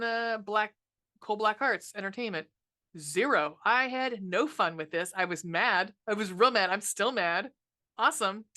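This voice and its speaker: A woman with a mid-range, sharp-toned voice co-hosts a horror movie podcast. She rants casually about the films, swearing a lot and saying "um" often, in a relaxed review chat.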